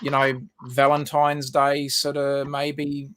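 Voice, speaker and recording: A man's voice: mid-range voice, completely flat delivery, takes it slowly, a bit bright, slight background noise. An Australian man co-hosting a livestream, rambling and giggling, with lots of ums and restarts. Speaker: livestream co-host. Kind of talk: casual chat.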